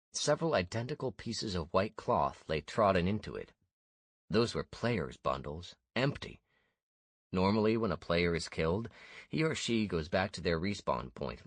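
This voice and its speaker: A man narrating a first-person fantasy audiobook in a steady, measured way. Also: sits low, no room sound.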